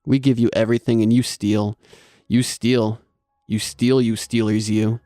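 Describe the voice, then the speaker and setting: A man's voice: fairly low pitch, flat delivery, unhurried, mellow, no echo, studio quality, natural voice. A man voicing a furious, vile male monster that snarls, hisses and spits its words. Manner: screeching, snarling and spitting.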